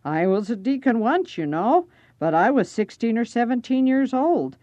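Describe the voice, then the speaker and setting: A woman putting on a raspy, gruff old man. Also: on the high side, very animated, moderate pace, mellow, dry recording, muffled recording, voice pushed up.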